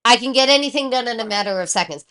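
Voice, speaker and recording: Animated high-voiced woman telling a story. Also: rapid-fire. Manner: animated, swears freely, acts out quoted voices. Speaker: podcast co-host. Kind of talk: casual storytelling chat.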